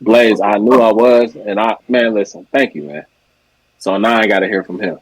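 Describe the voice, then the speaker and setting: A man with a husky, lowish voice co-hosts a relaxed podcast chat. He is emphatic and repeats his points. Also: normal speed, no room sound, low-quality recording. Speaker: podcast co-host. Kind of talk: casual chat.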